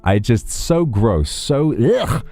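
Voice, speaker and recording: On a dry recording, a streamer speaks in a medium-pitched, mellow voice that's slow but very animated. His casual chat rambles wryly, and he often stops himself mid-sentence.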